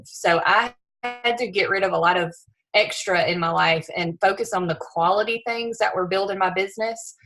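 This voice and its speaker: Bright-voiced woman, earnest and chatty. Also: mid-range voice, normal speed, rough recording. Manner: emotional, earnest, chatty with restarts. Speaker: new regional director, health coach. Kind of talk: casual team call talk.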